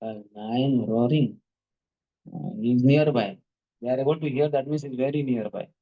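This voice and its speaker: Animated man giving a devotional talk. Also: mid-range voice, moderate pace, highs cut off. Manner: animated storyteller, repeats words rhythmically, asks the audience questions. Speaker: speaker at a devotional class.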